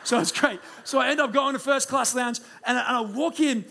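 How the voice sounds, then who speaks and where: High-voiced pastor preaching. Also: male voice, fairly quick, gravelly, a little hiss or hum. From Australia. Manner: animated, self-deprecating storytelling. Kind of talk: sermon storytelling. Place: church room.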